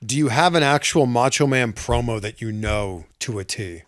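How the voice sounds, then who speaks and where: A man's voice: medium pitch, lively intonation, normal speed, fairly bright tone, no echo. A man hosting a studio interview, asking upbeat, direct questions. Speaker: interview host. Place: podcast studio.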